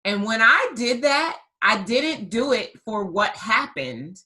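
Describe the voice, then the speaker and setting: A woman hosting a podcast and telling a story in a lively conversational way, stressing her points by repeating words. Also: a little high, slow pace, rough recording. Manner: emphatic, repeats words for effect. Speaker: podcast host and business coach.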